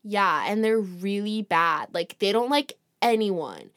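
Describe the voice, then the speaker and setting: A woman's voice: medium pitch, expressive, slow, fairly bright tone, no echo, clean studio sound. A woman voicing a frightened little girl she once babysat, pleading and scared. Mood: telling.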